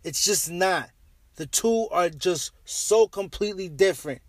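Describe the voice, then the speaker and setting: A man's voice: high-pitched, animated, measured pace, no echo, studio quality. A man delivering a heated, profane monologue rant as a commentator, blunt and repeating his phrases.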